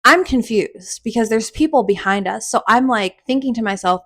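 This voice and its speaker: A young adult woman hosting a podcast, telling a personal story in a casual, animated way and swearing freely. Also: on the high side, moderate pace. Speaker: podcast host.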